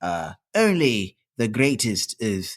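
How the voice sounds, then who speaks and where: Laid-back, slow-talking man podcast host. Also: lowish voice, sing-song. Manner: laughing, teasing, rambling sign-offs. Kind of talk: comedic banter.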